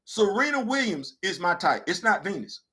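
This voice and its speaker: A man hosting a talk show and telling a comedic story in an animated way, swinging from low mutters to loud outbursts and repeating phrases for emphasis. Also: moderate pace, breathy edge. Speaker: podcast host.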